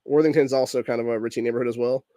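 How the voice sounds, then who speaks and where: Speaking very fast at a medium pitch, this man has a steady, warm tone, recorded in a clean studio with no echo. He sounds ill, his voice messed up, while hosting a political podcast, and he rants angrily, cursing constantly, heated throughout, and ending almost every line with "dude."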